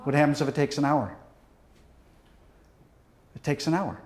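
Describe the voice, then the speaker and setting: In an echoey hall, a man with a slightly high voice addresses students at a normal speed. He is a police deputy chief giving a motivational safety presentation, telling a dramatic story straight to the audience in a pleading way before sinking to near hush at the close.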